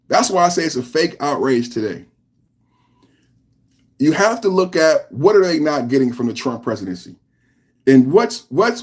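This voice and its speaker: A man hosts a live reaction podcast, ranting heatedly and repetitively and firing off rhetorical questions. His voice is mid-range and a little mellow.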